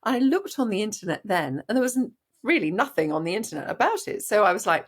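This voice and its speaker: A woman's voice: medium pitch, very animated, fast talker, hardly any pauses, husky. A middle-aged woman, a doctor, telling a personal story in an interview with earnest animation and frequent restarts. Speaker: doctor guest.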